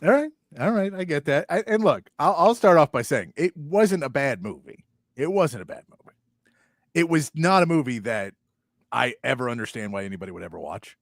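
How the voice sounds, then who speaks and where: A male sports talk host chatting casually, animated and mocking, acting out lines as he goes. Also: on the high side, fairly quick, no echo, studio quality. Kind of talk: casual chat.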